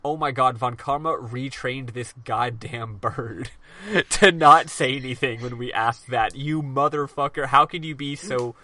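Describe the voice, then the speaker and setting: A fed-up young defense lawyer rants in profane disbelief, as a man voices him offhand. The tone is bright and punchy. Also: mid-range voice, measured pace, dry recording. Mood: indignant. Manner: indignant, profane outbursts. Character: exasperated young male defense lawyer, swearing.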